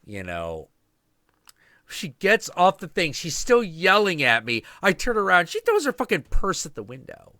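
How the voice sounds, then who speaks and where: A man hosting a livestream, telling a story in a casual, profane, animated way and acting out the voices. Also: high voice, moderate pace, dry recording, studio quality. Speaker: show host.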